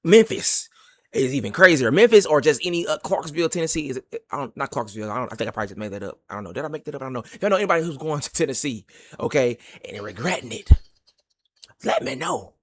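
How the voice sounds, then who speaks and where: A man's voice: medium pitch, expressive, rapid-fire. A man from Texas with a Texan accent, hosting a casual reaction video in loose, playful slang.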